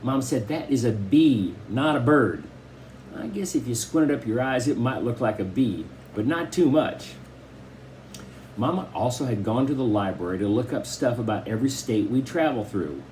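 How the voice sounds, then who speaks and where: A man's voice: moderate pace, a little hiss or hum. A man narrating a children's novel as an audiobook reader, storytelling expressively. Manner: expressive storytelling with shifting pitch. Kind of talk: scripted narration.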